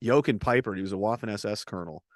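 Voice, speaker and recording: A man's voice: fairly low pitch, very fast, dry recording, studio quality. A man hosting a casual podcast who tells stories in a rambling, profane way and laughs often. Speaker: host.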